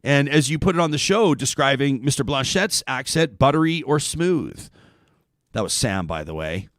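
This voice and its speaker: Male talk host from Canada, lively pitch swings, dry close studio sound, conversational email segment. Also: moderate pace, dry recording. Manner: animated, conversational, reads listener emails aloud. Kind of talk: radio talk show monologue.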